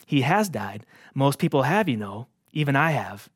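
A man voicing a solemn male lion, speaking slowly and quietly in a grave, commanding way while reading a story aloud. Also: mid-range voice, very animated, breathy edge, dry recording, studio quality. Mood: solemn gentle.

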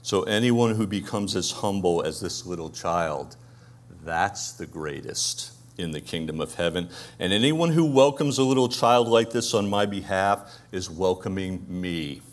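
Man, pastor, Brooklyn accent, sermon, lowish voice, chatty preaching with rhetorical questions. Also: expressive, unhurried.

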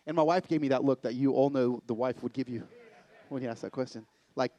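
A middle-aged man giving a sermon-style talk from a live event stage, swinging from excited loud bursts to hushed, intimate lows. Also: a little fast, dry recording. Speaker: conference speaker.

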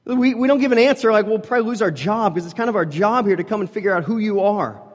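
A man's voice: sits high, quick pace, pitched above the performer's own voice. A man putting on anxious, frustrated temple messengers. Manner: exasperated, pleading. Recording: long reverb of large hall.

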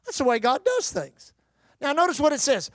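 A man's voice: very high voice, huge pitch swings, normal speed, dry recording, studio quality. A man preaching a sermon, emphatic and calling on the congregation to answer back. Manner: emphatic, calls for congregation response.

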